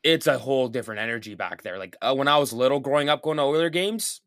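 A man's voice: mid-range voice, quick pace, fairly bright tone, no echo, studio quality. Profane, rambling young man on a podcast. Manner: loose, profane, heavy with filler "like". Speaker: podcast co-host. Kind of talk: casual chat. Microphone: podcast mic.

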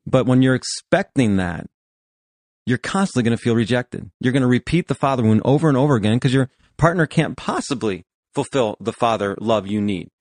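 A man's voice: mid-range voice, animated, fairly quick, darkish tone, dry recording, clean studio sound. A man in his fifties, a pastor and therapist, talking earnestly in a podcast conversation and often laughing while he speaks. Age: 50s.

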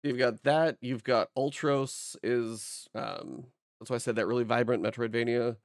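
A man at an average pitch co-hosts a games podcast in a loose, rambling way, full of fillers and restarted sentences. His voice is recorded dry and close, with no room sound. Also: fairly even intonation, normal speed, no room sound. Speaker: podcast co-host, game reviewer. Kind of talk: casual chat.

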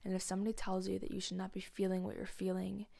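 A young woman hosting a podcast, talking in a candid confessional monologue, blunt and profane, rambling and often sinking to a soft near-whisper. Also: medium pitch, monotone, quick pace, vocal fry. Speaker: podcast host.

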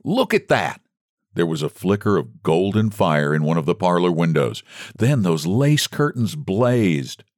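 A man's voice: low voice, a little slow, dry recording, studio quality. A man reading a story aloud as an audiobook narrator. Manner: expressive storytelling. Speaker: audiobook reader. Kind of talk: scripted narration.

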